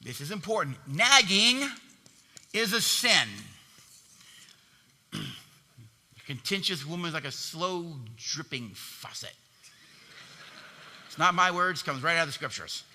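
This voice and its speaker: A man pastor preaching an animated, emphatic sermon in a church, asking the congregation questions and answering them, with long hall reverb. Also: high voice, slow pace, pauses often.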